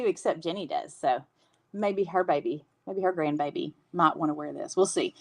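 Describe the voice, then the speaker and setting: A woman's voice: lowish voice, expressive, a little fast, no echo. Chatty Southern woman in her fifties. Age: 50s. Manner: chatty, laughing, answers viewer comments. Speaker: host. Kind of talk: casual livestream chat.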